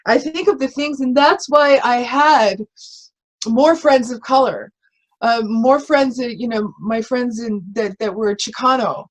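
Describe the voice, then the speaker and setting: A woman's voice: fairly high pitch, slow, poor audio. A woman who is a spiritual reverend, a guest speaking earnestly and from the heart in a casual spiritual conversation, often restarting her sentences.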